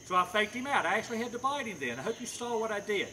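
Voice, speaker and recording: A man's voice: sits high, very animated, rapid-fire, hardly any pauses, pushed and bright, a little hiss or hum, low-quality recording. A man working as a dog trainer, explaining his methods step by step while giving short commands and praise to a dog. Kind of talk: hands-on training demonstration.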